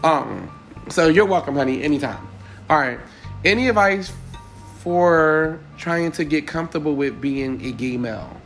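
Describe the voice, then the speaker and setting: A young man hosting a casual panel podcast, animated and sassy, often laughing as he talks. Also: a little high, moderate pace, faint music behind. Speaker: podcast host.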